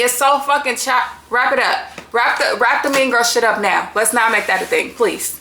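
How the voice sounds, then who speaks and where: A woman's voice: on the high side, steady tone, normal speed, few pauses, sharp tone, a little hiss or hum. A woman hosting a casual reality TV recap, talking bluntly and exasperated, swearing freely as she reacts. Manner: blunt, exasperated, heavy cursing. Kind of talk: casual profane recap commentary. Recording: echoey room.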